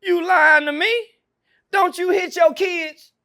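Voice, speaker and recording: This is a man who preaches loudly and argues in rhetorical questions. His voice is high for a man and often rises to a shout. He speaks as a podcast guest in a provocative monologue. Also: fairly even intonation, slow pace.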